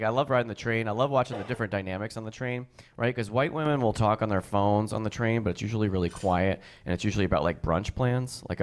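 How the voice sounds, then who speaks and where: Fast-talking stand-up comedian man. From New Jersey. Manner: fast, chatty, acts out quoted people in high voices. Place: comedy stage before a live audience.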